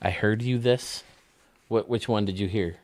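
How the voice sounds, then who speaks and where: Lower-voiced man telling jokes. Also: unhurried, darkish tone, no echo. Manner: chuckling at his own jokes. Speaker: host. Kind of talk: casual joke-telling chat.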